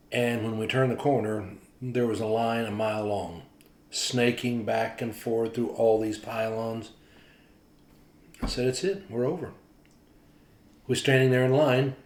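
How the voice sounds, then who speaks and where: A pastor tells a morning devotional as a story, his voice a medium pitch for a man. He is animated and acts out the people in his tale. The room around him is echoey.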